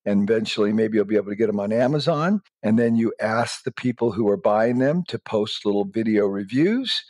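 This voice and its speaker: A man's voice: lowish voice, lively intonation, a little fast, darkish tone, dry recording. A middle-aged man answering interview questions emphatically, giving blunt step-by-step advice. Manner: emphatic, acts out quoted dialogue in raised voices. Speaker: guest entrepreneur.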